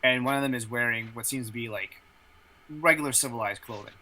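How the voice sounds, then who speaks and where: Guy running a tabletop game, bright voice, lots of uhs. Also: medium pitch, brisk, rough recording. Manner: rambling, many fillers. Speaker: game master. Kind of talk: narrating a tabletop role-playing game.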